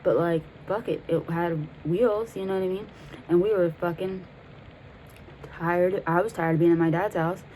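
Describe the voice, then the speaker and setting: A woman's voice: on the low side, steady tone, moderate pace, warm tone, a little hiss or hum, low-quality recording. A young woman in her twenties telling a rambling, profane story in a casual way, laughing as she goes. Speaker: vlogger.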